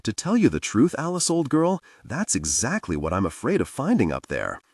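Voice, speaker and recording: A man's voice: mid-range voice, huge pitch swings, moderate pace, a little mellow, slightly rough, no echo, studio quality, far from the mic, voice pushed up, heavily acted. A man voicing a worried, weary male agency director in an audiobook.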